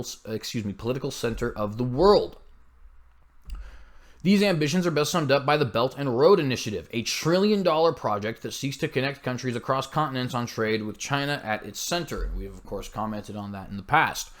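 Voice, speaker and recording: A man's voice: medium pitch, a bit bright. A man hosting a commentary show, reading news aloud with blunt, scornful asides and frequent slips and self-corrections.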